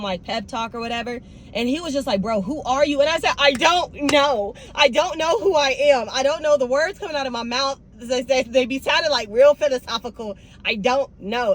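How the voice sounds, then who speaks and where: A woman's voice: on the high side, a little hiss or hum. A young woman, talking casually and animatedly straight to her viewers in a vlog. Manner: animated, talks straight to viewers with "y'all" and "baby". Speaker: vlogger.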